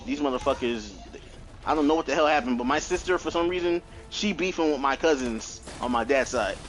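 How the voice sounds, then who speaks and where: A man in his thirties on a podcast, telling family stories in an animated, profane way with lots of laughs. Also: medium pitch, a little fast, slight background noise, low-quality recording. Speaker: podcast co-host. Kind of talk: casual chat.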